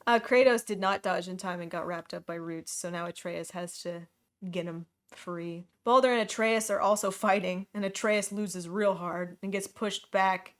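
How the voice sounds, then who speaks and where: A woman hosting a book club podcast, casually retelling a plot with quick, jokey asides. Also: fairly low pitch, fairly even intonation. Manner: quick, jokey retelling with playful voiced quotes.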